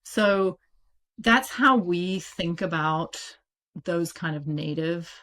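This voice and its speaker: A woman with a British accent, an audiobook publisher talking casually and animatedly as an interview guest. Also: lowish voice. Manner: animated, chatty, quick asides with laughs.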